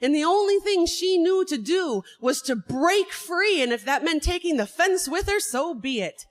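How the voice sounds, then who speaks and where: A woman telling a true personal story to an audience, animated, laughing and swearing as she goes. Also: very high-pitched, normal speed.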